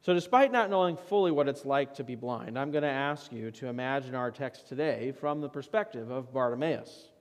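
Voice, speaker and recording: A man preaching a sermon as pastor, leading a guided imagery passage with dramatic rises and hushed drops. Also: medium pitch, a little fast, hardly any pauses. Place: church sanctuary. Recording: long church reverb.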